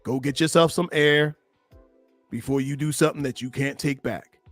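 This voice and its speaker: A man who is a relationship coach and host, giving animated live-stream commentary on video clips and repeating himself as he urges viewers to like. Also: medium pitch, moderate pace, no echo, soft background music.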